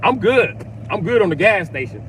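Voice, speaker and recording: A man's voice: high voice, very animated, moderate pace, a bit bright, slight background noise. A man vlogging a blunt, profane rant from his car. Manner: blunt, crude, emphatic. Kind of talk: profane ranting monologue.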